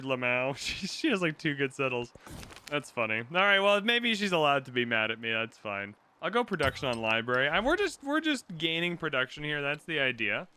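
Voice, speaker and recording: Bright, lively young man commentating a game. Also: on the high side, fairly quick, a little hiss or hum. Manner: playful, mock-outraged, jokey asides to the audience. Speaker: gaming YouTuber. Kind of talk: casual strategy game commentary.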